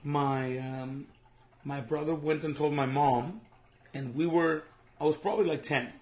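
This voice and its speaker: A young man from Mexico co-hosting a casual chat, telling stories in a relaxed way. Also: on the high side, unhurried. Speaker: co-host.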